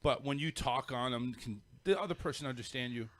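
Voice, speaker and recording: Speaking briskly in a medium-pitched, fairly bright voice, a middle-aged man with a Northern US accent hosts a podcast. In casual chat he rambles through a story with lots of restarts and repeated words, and the recording is dry.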